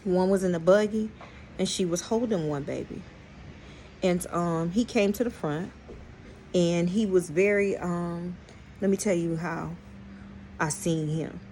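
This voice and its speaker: A woman's voice: on the low side, a little slow, pauses often, slight background noise. A woman hosting a storytime vlog, telling viewers a story in a blunt, profane way and often speaking straight to them. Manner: animated, exclaims in outrage. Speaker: channel host.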